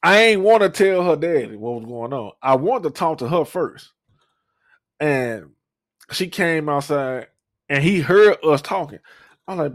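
A man's voice: a little high, animated, a little slow, no room sound, clean studio sound. A young man, telling a profane, rambling story on a podcast with lots of fillers and restarts. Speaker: podcast co-host. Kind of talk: casual storytelling.

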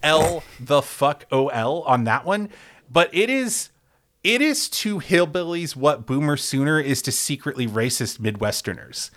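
Man on a profane, rambling sports rant. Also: fairly high pitch. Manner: animated, rambling, stammers and restarts often; heavy swearing, hyperbolic. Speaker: sports podcast host.

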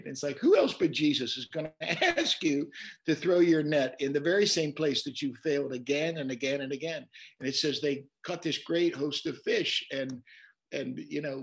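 Pastor with a raised voice, telling stories. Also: male voice, a little high, moderate pace. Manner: animated storyteller, repeats words while quoting scripture. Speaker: pastor and guest. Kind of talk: conversational preaching in an interview.

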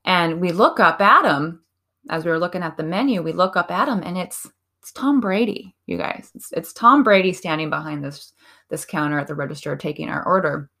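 A middle-aged woman hosting a podcast, telling a personal story in an earnest, animated way with lots of fillers. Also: lowish voice, a little fast. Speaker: podcast host. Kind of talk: casual storytelling monologue.

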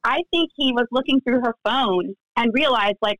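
A woman tells a personal story in an unhurried conversational interview. Her voice sits fairly high, and she slips into the voices of the people she quotes. The sound is dry and close, with no room around it. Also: dry recording, rough recording. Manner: animated, acts out quoted dialogue. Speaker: guest, friend recounting events.

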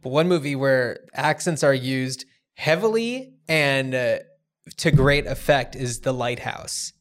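A man's voice: medium pitch, animated, slow pace. Laid-back man talking movies. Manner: loose and conversational, with fillers and casual swearing. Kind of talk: casual film discussion.

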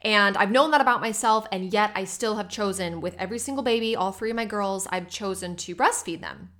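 A young woman talks straight into her podcast mic, chatty and candid. She speaks off the cuff, full of asides and quick restarts, with a lively, animated delivery. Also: medium pitch. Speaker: podcast host. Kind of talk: unscripted solo podcast talk.

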